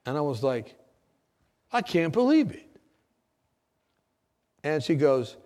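A man telling a personal story in an animated way, acting out what people said and laughing at his own tale. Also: on the high side, slow, long pauses. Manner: lively, acts out quoted voices, laughs at own story. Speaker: former nurse telling a story.

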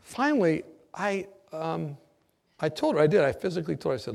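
A man telling a personal story in an animated way, acting out what people said and laughing at his own tale. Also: on the high side, brisk, vocal fry. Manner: lively, acts out quoted voices, laughs at own story. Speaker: former nurse telling a story.

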